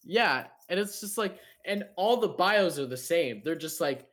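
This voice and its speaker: A young man co-hosting a podcast, telling an animated, slangy story with swearing and frequent laughs. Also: fairly high pitch, normal speed, hardly any pauses. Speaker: podcast co-host. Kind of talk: casual chat.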